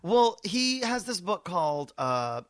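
High-voiced campy man chatting. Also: sing-song, fairly bright tone, dry recording. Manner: quick, campy, slips into mocking impressions. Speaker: podcast co-host. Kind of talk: casual comedic chat.

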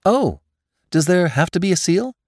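A man voicing a cheerful, frivolous young gentleman in an audiobook. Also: high voice, big pitch swings, normal speed, no echo, studio quality, voice pushed up, heavily acted. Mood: jaunty. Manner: jaunty, laughing.

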